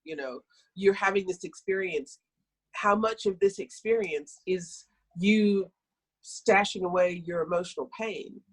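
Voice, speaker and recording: A middle-aged woman, a health practitioner, talking on a podcast and telling stories from her practice in a lively, self-correcting way. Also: fairly low pitch, measured pace, slightly rough, poor audio. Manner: storytelling, animated, self-correcting. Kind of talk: conversational podcast talk.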